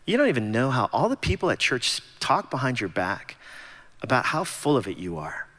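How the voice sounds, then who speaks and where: A man quoting an angry young male college teammate in a low, hushed, bitter voice. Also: very animated, brisk. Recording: long church-hall reverb.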